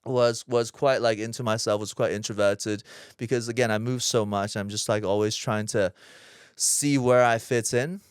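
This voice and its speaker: A man's voice: on the low side, fairly even intonation, normal speed, smooth, no room sound, clean studio sound. A man in his thirties, an actor guest telling personal stories in a chatty, self-deprecating way with loose fillers. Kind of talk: casual interview storytelling.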